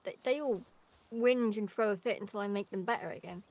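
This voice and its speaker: A tired, low-energy woman streaming a game, chatting quietly and laughing often, close to her microphone. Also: fairly quick, rough recording. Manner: quiet, laughs often, speaks softly right into the mic. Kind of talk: casual gaming chat. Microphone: desk microphone at close range.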